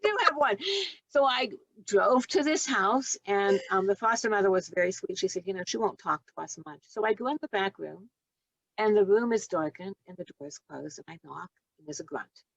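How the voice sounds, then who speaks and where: A woman's voice: medium pitch, normal speed, creaky, dry recording, lo-fi sound. A woman in her sixties, a nurse and doula, telling stories in a podcast interview, acting out the dialogue and laughing often. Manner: animated storyteller who acts out dialogue and laughs often.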